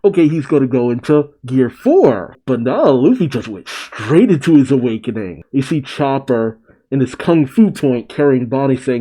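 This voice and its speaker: A man's voice: mid-range voice, moderate pace, dark tone. A man hosting a manga reaction video, recapping the chapter with frequent exclamations and laughs. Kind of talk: excited reaction commentary reading a comic.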